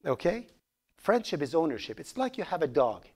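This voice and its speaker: A man with a Persian accent lecturing a classroom on programming. He jumps up and down in pitch as he jokes and quizzes his students, with a lively, conversational delivery. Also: brisk, husky. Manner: animated, joking, asks the class questions. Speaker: programming instructor.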